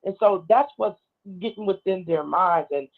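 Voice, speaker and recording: Woman caller, earnest, gravelly, tinny phone line. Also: mid-range voice, moderate pace. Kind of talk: call-in radio commentary.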